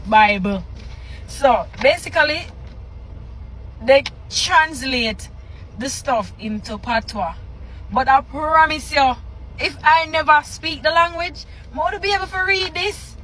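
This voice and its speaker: A woman's voice: high-pitched, a bit bright, slight background noise, rough recording. A Jamaican woman chatting casually in a reaction video, reading aloud with exasperated, teasing remarks.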